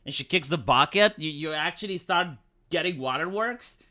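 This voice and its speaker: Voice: medium pitch, animated, normal speed, sharp tone. A streamer giving exasperated live commentary over gameplay, ranting and stumbling over words.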